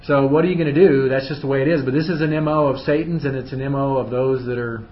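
A man's voice: steady tone, quick pace. A man leading a Bible study who reads scripture aloud and then explains it in loose, chatty asides. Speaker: Bible teacher. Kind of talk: conversational Bible study teaching. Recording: roomy, dull recording with faint rumble.

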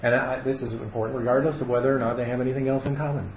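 A man with a steady, mid-range voice races through a casual Bible study, explaining the text as he goes and thinking aloud with lots of fillers and restarts. His voice echoes around the room, and the recording sounds dull and slightly muffled over a faint hiss.

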